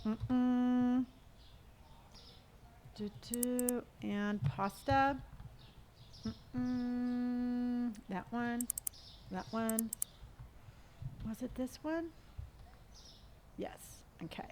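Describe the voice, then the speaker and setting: A woman's voice: on the high side, extremely slow, pauses often, a little mellow, slight background noise. Chatty woman streaming a game. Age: middle-aged. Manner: chatty, reads viewer comments aloud and hums to herself. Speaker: live-streamer. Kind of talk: casual live-stream chat while gaming. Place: at home.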